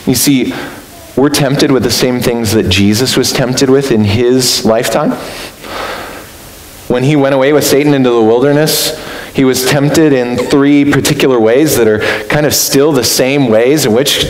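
A man preaching a sermon as pastor, earnest and reflective, lifting his voice high for emphasis. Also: normal speed. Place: church sanctuary. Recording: roomy echo with faint hiss.

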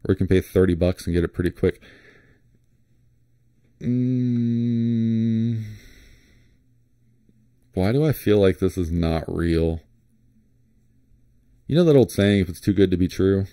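A man vlogging about flashlights, thinking aloud in a relaxed, rambling way with many fillers and restarts. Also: deep voice, a little fast, dry recording, studio quality. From Florida. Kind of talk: casual screen-share commentary.

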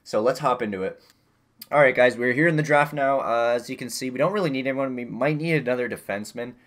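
A young man casually commentating his own video game season, getting loud when excited and muttering when disappointed. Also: mid-range voice, fast talker. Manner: excitable, swings between yelling and muttering. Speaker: gaming YouTuber.

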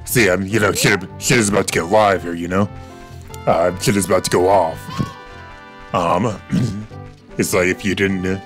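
A man giving casual, rambling commentary while playing a video game, swearing now and then. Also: low voice. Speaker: gaming video creator. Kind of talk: casual let's-play commentary.

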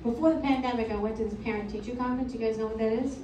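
A middle-aged woman performing a stand-up comedy set in a comedy club, crude and deadpan, working the crowd between punchlines. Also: a little high, rapid-fire. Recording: echoey club audio from far off with loud crowd.

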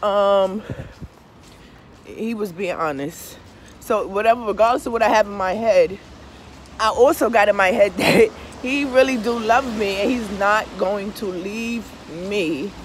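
A woman's voice: mid-range voice, a little slow. A woman pours out a casual, confessional monologue full of swearing and emphatic repeats. She keeps turning to the listener for agreement. A faint hum of traffic hangs in the background of the outdoor recording. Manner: profane, emphatic, keeps asking "you understand?". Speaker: tarot reader and vlogger.

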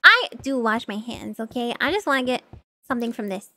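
A woman streaming a video game in casual chat, excitable and giggly, talking freely with her viewers. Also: on the high side, brisk, a little hiss or hum.

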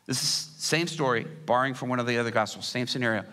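A man's voice: mid-range voice, fast talker, hardly any pauses, sharp tone. A man preaching a sermon, telling a story dramatically with humor and acted-out scenes. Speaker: guest preacher.

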